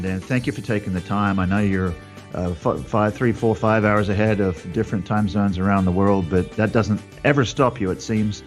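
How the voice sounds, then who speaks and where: Aussie podcast host, kinda low voice, teasing playful banter. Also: male voice. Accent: Australian. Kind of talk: hosted interview podcast.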